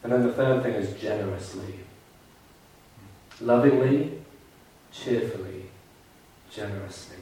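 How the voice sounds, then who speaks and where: A man's voice: medium pitch, unhurried, mellow. A man preaching a sermon with earnest fervour, now and then mimicking grumbling churchgoers in a put-on voice. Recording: very echoey hall, mic far off.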